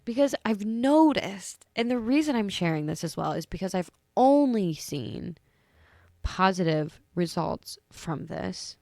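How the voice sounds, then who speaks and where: A woman's voice: medium pitch, animated, unhurried, gravelly, darkish tone, dry recording. A young woman hosting a casual solo podcast, sleepy and yawning, chatting affectionately and rambling with self-corrections. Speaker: podcast host.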